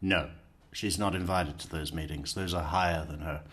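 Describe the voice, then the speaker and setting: Blunt sarcastic male commentator, lowish voice. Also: steady tone, moderate pace, a bit bright. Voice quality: blunt, sarcastic, acts out mocking impressions. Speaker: true crime commentator. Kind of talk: video commentary on an interrogation.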